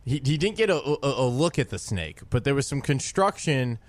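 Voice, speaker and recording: A man's voice: medium pitch, big pitch swings, normal speed, no echo. A man co-hosting a radio show who reads out a caller's question with many fillers. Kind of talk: radio interview.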